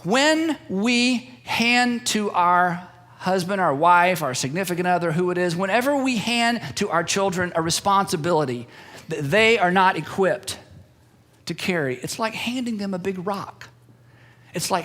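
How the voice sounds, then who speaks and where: High-voiced male pastor preaching. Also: normal speed, a bit bright. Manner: repetitive, emphatic preaching with acted-out quotes. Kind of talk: sermon.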